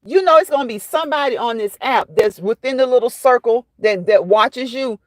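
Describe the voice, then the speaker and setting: A woman's voice: fairly high pitch, a little fast, no echo. A woman hosting a casual livestream, chatting and fussing while she answers viewers by name. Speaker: livestream host reading chat.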